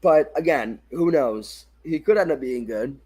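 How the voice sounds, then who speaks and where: This young man's mid-range voice is dark and breathy, with lively intonation and a measured pace. Calling a football livestream as a fan, he yawns tiredly, corrects himself often, and apologizes for errors in a casual way.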